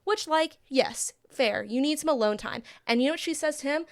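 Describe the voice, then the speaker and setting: A woman's voice: high-pitched, normal speed. A young woman co-hosting a podcast, animatedly retelling scenes and acting out dialogue, with lots of "like". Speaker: podcast co-host. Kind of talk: casual chat.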